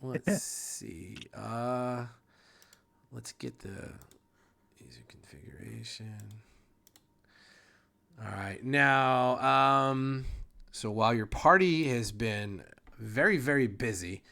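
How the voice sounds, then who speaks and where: A man's voice: medium pitch, slow, gravelly, pushed and bright. A man narrating a tabletop game as game master, rambling casually, swearing and trailing off mid-sentence.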